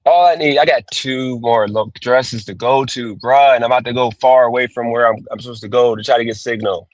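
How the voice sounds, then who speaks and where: A man's voice: mid-range voice, fairly even intonation, brisk, hardly any pauses, no echo. Male streamer, exasperated and profane, dull dry phone sound. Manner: cursing, exasperated, repeats himself. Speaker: gig worker livestreaming. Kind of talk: frustrated live-stream rant.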